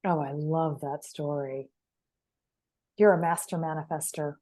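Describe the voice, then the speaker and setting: A woman hosts a relaxed interview. She mostly listens and keeps her replies short and encouraging, then steers the talk on with a question. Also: deep voice, unhurried. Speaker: host. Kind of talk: casual interview.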